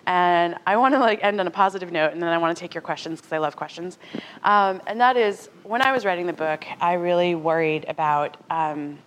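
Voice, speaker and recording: Woman, 30s, public talk, conversational, animated, slightly low voice. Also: brisk, a little hiss or hum. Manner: animated, conversational, acts out quotes. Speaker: speaker at a talk.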